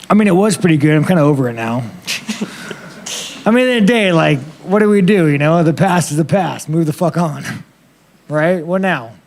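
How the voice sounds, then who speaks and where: At a post-fight press conference, a man with a higher voice and lively intonation answers reporters at a moderate pace. He comes across blunt and rambling, constantly swearing and laughing at himself.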